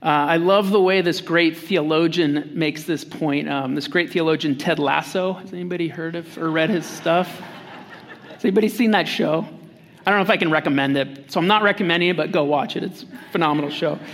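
A man's voice: on the high side, fairly bright tone. A man giving a conversational, humorous sermon as a pastor, acting out quotes in different voices. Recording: hall reverb.

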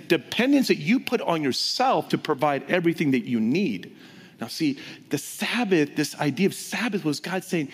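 A pastor delivering a lively sermon, his somewhat high voice leaping up and dropping to near whispers. He is heard through the long reverb of a church hall. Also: husky. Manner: animated, swings between loud emphasis and hushed whispers. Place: church sanctuary.

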